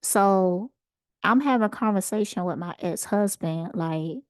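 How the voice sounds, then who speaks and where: Slow-talking woman telling a story. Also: mid-range voice, no room sound, clean studio sound. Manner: unhurried, conversational, animated retelling. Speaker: channel host. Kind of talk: casual personal storytelling.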